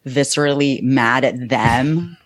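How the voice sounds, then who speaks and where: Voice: mid-range voice, slow pace, dry recording. Podcast guest, laid back, laughs a lot, dry close mic. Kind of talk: casual comedic chat.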